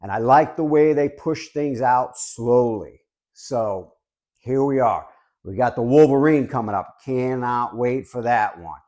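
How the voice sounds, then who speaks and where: A man's voice: medium pitch, unhurried, warm tone. A man in his fifties from Southern California, chatting casually and joking as he reviews collectibles for his viewers. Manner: chatty, joking, repeats "guys". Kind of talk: casual chat to camera.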